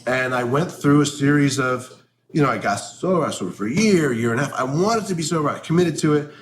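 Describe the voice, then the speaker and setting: A man's voice: fairly high pitch, expressive, fast. A man speaking bluntly and profanely in a candid conversation, getting heated as he talks. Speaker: interview guest.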